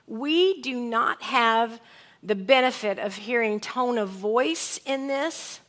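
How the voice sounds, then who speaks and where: Woman pastor, fairly high, bright voice; expressive sermon delivery. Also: slow pace. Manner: expressive, reads scripture aloud and acts out lines in different tones. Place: church sanctuary.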